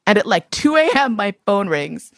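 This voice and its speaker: A woman telling a candid personal story in an interview, animated and profane, often breaking into laughter. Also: medium pitch, normal speed, dry recording.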